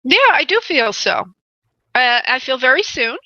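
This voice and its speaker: A woman from New York with a New York accent, hosting a live call-in radio show as a psychic medium, chatty and pausing to consult spirit. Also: high voice, expressive, bright, forceful tone, dry recording, lo-fi sound. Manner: chatty, pauses to consult spirit, laughs easily.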